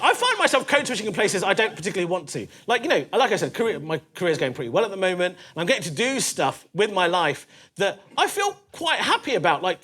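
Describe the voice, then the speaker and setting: A male stand-up comedian telling stories in a comedy club, animated and punchy, swearing freely. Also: sits high, fast, hardly any pauses, slightly rough.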